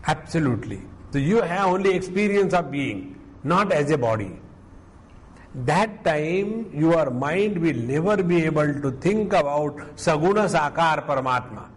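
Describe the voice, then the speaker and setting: A man with an Indian English accent, a spiritual teacher giving an unhurried scripture discourse, mixing in stories and Sanskrit verses. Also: a little high, expressive, rough recording.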